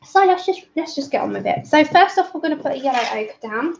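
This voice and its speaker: A woman's voice: high voice, lively intonation, fairly quick, vocal fry, slight background noise. A woman hosting a live colouring stream from home, chatty and apologetic, laughing often and greeting viewers by name while a little out of breath. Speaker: livestream colouring host. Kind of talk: casual live-stream chat. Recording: dull lo-fi stream audio.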